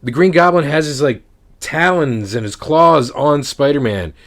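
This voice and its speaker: A man's voice: on the high side, a little slow, fairly bright tone. A man co-hosting a podcast, retelling movie scenes in a loose, rambling casual way. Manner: rambling storyteller, many restarts. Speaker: podcast co-host. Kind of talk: casual chat.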